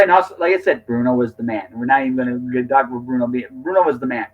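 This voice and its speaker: A man's voice: medium pitch, rapid-fire. A man in casual conversation, talking animatedly and repeating words as he jumps in with his opinions. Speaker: podcast co-host or guest. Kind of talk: casual chat. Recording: dull lo-fi audio.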